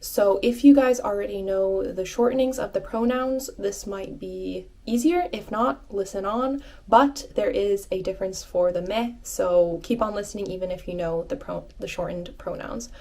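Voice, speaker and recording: A woman giving an online language lesson, patiently repeating phrases slowly and clearly and encouraging her learners. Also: medium pitch, warm tone. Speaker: language teacher.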